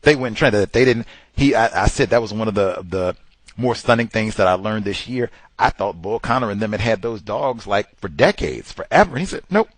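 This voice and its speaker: Talking fairly quickly in a fairly low voice, a male podcast host delivers a forceful commentary monologue, mimicking the voices of those he quotes, in a dry recording.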